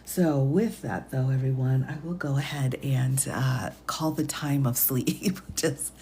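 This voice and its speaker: A woman attorney hosting a late-night livestream, chatting with viewers in a hushed voice with quiet chuckles, speaking from home. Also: rumbling low, fairly even intonation, a little slow, a little hiss or hum.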